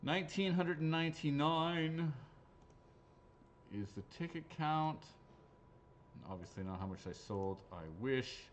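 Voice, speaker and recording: A man's voice: deep voice, animated, normal speed, highs cut off, a little hiss or hum. A man hosting live raffle draws, chatting casually and joking, swearing freely as he goes. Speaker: raffle host. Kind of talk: live-stream raffle draw chat.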